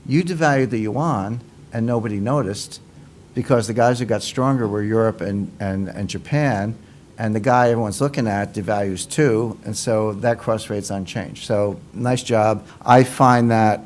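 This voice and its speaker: Low-pitched male commentator, emphatic explainer, faint noise underneath. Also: moderate pace, a little mellow. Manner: confident, emphatic, uses analogies and repeats points. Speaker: economics commentator. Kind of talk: explanatory talk.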